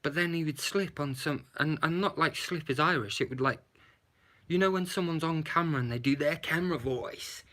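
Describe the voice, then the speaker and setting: A man's voice: on the high side, normal speed, pushed and bright. A man giving a blunt, sarcastic movie review, swearing and adding "yeah?" to his points. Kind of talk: casual movie review rant.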